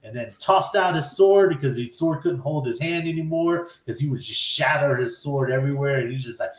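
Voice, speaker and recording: A man hosting a podcast, recapping an anime episode in a casual, animated way and acting out characters' lines. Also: mid-range voice, brisk, echoey room. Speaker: podcast host.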